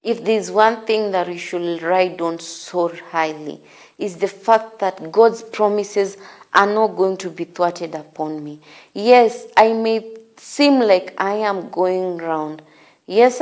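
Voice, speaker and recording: A woman hosting a morning devotional, preaching slowly with repeated, encouraging exhortations. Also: mid-range voice, darkish tone. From Kenya. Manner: slow, repetitive, encouraging exhortation. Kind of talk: sermon.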